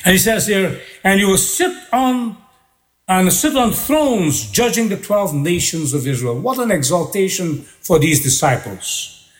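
A man's voice: sits high, lively intonation, unhurried. A pastor preaching a sermon, building his points through repeated rhythmic phrases.

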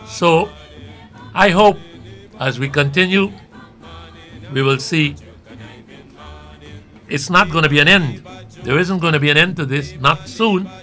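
A man comments on the news in a bright, forward voice, a little higher than most men. He talks in a measured, rambling way and thinks aloud over faint background music. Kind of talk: talk show commentary.

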